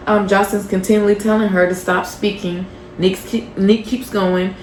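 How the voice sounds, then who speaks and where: A woman's voice: medium pitch, fairly even intonation, moderate pace, darkish tone, reverberant, slight background noise. A woman casually recapping a reality show episode, gossipy and profane, with lots of fillers.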